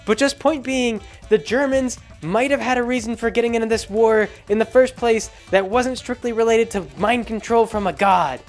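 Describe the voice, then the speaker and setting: A man's voice: very high voice, normal speed, few pauses, soft background music. A man mimicking a weary male sidekick who explains things with patient exasperation in a mocking movie recap.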